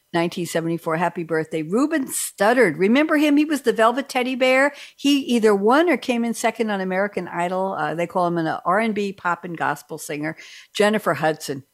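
A middle-aged woman hosting a radio talk show, chatting casually and rambling from one aside to the next. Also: mid-range voice.

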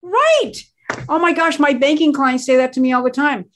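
A woman's voice: high voice, animated, moderate pace, fairly bright tone, slight background noise. Emphatic woman explaining crisis planning. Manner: emphatic, explanatory, stresses key words. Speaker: guest expert on crisis planning. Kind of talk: conversational interview.

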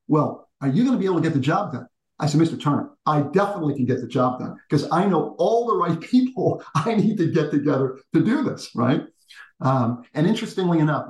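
A man in his sixties, an executive and teacher, telling stories in an animated conversational way with frequent restarts. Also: medium pitch, echoey room, poor audio. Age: 60s. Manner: animated storyteller with frequent restarts, addresses the host by name. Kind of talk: conversational interview storytelling.

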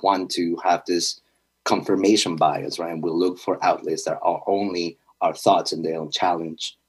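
A man's voice: deep voice, fairly even intonation, normal speed, husky, low-quality recording. A young man, a fitness trainer and interview guest, speaking in an earnest, reflective way with hesitant fillers. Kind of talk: conversational interview.

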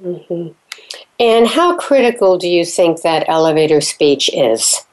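A woman hosts a radio interview in a slightly low voice. She is chatty and encouraging, affirming her guest often before asking the next question. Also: lively intonation, a little slow. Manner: chatty, affirming listener, asks follow-up questions. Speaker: radio show host.

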